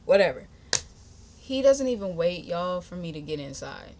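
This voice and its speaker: A young woman hosting a podcast, telling a personal story in a chatty, animated, slangy way and talking straight to her listeners. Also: on the low side, moderate pace, noisy background. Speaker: podcast host. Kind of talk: casual storytime.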